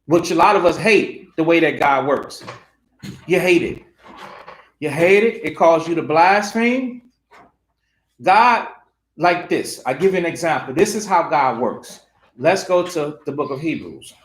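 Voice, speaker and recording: A man with a high voice preaches through a Bible passage, pressing his points with rhetorical questions and repeated phrases. The sound rings in a roomy, echoey space. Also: animated, measured pace. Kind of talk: preaching scripture study. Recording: roomy echo.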